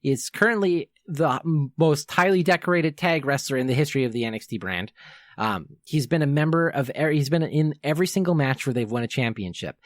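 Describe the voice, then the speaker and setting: Brisk and expressive, a young man with a fairly high voice hosts a podcast, running through a countdown as an excited fan full of fillers and self-corrections. The studio-quality audio has no echo.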